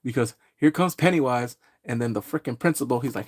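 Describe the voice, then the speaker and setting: A man giving a rambling, casual live-stream recap, greeting viewers and laughing often. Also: mid-range voice. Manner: slips into quick exaggerated character voices. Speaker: live-streaming pop culture reviewer.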